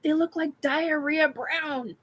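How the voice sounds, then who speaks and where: A woman's voice: sits high, steady tone, takes it slowly, a bit bright. A woman hosting a casual live chat, giddy, laughing often and swearing while she answers comments. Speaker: live stream host. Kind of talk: casual live chat reacting to a painting video.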